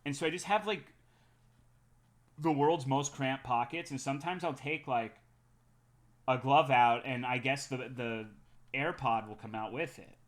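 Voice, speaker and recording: A man's voice: mid-range voice, measured pace, long pauses. A young man streaming and chatting casually, telling a story with a lot of swearing. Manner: chatty storytelling, frequent swearing, animated when excited. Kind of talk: casual chat.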